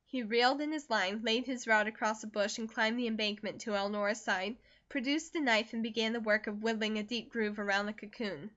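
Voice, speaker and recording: Bright-voiced woman narrating a novel. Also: on the high side, muffled recording. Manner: expressive, measured storytelling. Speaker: audiobook narrator. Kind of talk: scripted narration.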